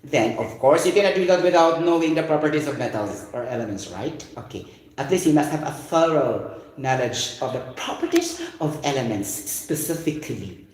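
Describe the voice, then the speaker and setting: A middle-aged man with a Filipino accent, giving an informal science lecture online. He talks in an animated, chatty way and keeps saying "you know" and "okay". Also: medium pitch, normal speed. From Philippines. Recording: very echoey room.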